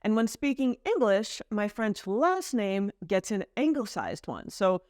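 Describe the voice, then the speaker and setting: A woman's voice: medium pitch, big pitch swings, measured pace, darkish tone, no echo. Chatty American woman, dry close sound. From United States. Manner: chatty, light and explanatory. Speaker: vlogger. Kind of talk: casual vlog talk to camera. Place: home in France.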